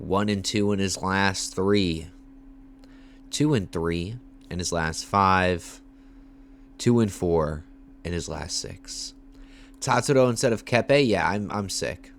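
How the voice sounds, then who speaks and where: A man's voice: low voice, fairly bright tone, slight background noise. Hyped young man streaming fight talk. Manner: hyped, repetitive, slangy, thanks viewers. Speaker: MMA livestreamer. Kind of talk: casual livestream commentary.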